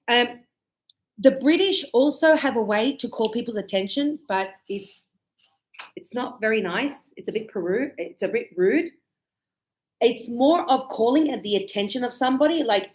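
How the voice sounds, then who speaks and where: A middle-aged woman teaching an English class, chatty and animated, acting out examples with loud calls. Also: fairly high pitch, moderate pace, rough recording. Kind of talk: classroom lesson.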